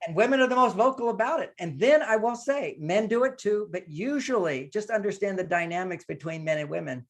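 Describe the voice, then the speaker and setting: Older male relationship expert, gravelly voice, slightly high-pitched, emphatic lecturing guest. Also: animated, brisk. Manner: emphatic, lecturing, acts out quoted partners. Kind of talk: podcast conversation, advice.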